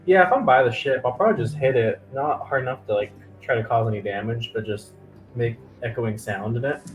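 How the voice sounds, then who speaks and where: A man playing a tabletop game, describing his character's moves in a loose, casual way. His voice sits at a medium pitch, with faint music in the background. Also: fairly quick, rough recording. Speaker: player.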